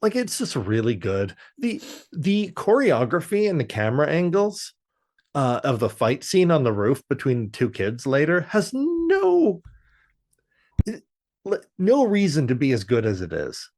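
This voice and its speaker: A man's voice: fairly high pitch, wildly swooping pitch, measured pace, a little mellow. A man co-hosting a podcast, chatting casually and rambling through an episode recap with lots of fillers. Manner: rambling with many fillers and restarts. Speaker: podcast co-host. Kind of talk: casual show review chat.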